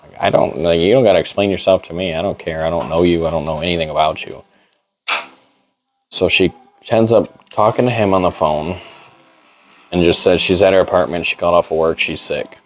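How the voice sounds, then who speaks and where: Young man, very deep voice, laid-back rambling storyteller, barbershop chat. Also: fairly even intonation, fairly quick, low-quality recording. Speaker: client telling a story. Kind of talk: casual storytelling.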